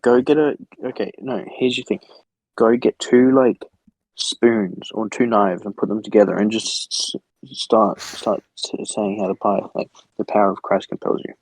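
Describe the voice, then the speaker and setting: A man's voice: lowish voice, fairly even intonation, unhurried, darkish tone, no room sound, poor audio. Teasing young man on a chat podcast. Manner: teasing and chatty. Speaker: podcast co-host. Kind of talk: casual chat.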